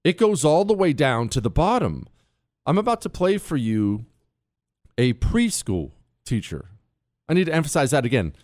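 Combative talk radio host with swinging pitch. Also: male voice, big pitch swings, moderate pace, long pauses, dry recording, clean studio sound. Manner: combative, emphatic, swings between loud outbursts and low asides. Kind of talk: opinionated talk radio monologue.

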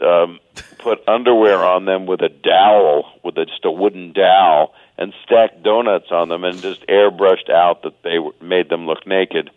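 A man in his sixties calls in over a thin, tinny phone line. His voice sits low and sounds dry, and he tells crude stories in a loose, laughing ramble. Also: no echo. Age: 60s. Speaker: guest comedian. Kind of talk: casual radio chat.

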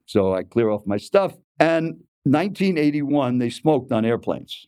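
A man's voice: mid-range voice, big pitch swings, unhurried, hardly any pauses, darkish tone, smooth, no room sound, studio quality. A man in his eighties who coaches speakers, telling a story in a keynote talk and speaking straight to the listener. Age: 80s.

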